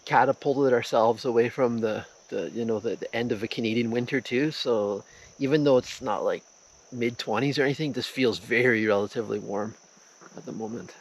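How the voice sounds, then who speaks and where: A man chatting in a relaxed, playful way as a travel vlogger, recorded outdoors on an action camera. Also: mid-range voice, fairly quick. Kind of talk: casual chat. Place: outdoors in a rural mountain garden.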